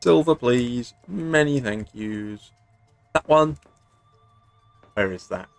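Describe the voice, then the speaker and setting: A man's voice: medium pitch, animated, slow, gravelly, soft background music. A man from England casually chatting through a game stream, playful and chatty, throwing in silly sound effects. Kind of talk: casual gameplay commentary.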